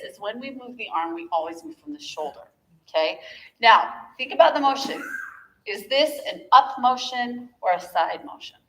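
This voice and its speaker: This viola masterclass teacher has a medium-pitched, slightly bright voice. She coaches bowing technique in a chatty, encouraging way, recorded in an echoey room where an instrument is playing.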